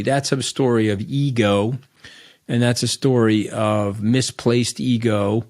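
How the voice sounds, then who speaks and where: A man's voice: medium pitch, fairly even intonation, slow, darkish tone. A middle-aged man from Long Island, telling stories bluntly and animatedly as an interview guest, often tagging his lines with "okay?". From Long Island, New York. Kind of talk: candid storytelling interview.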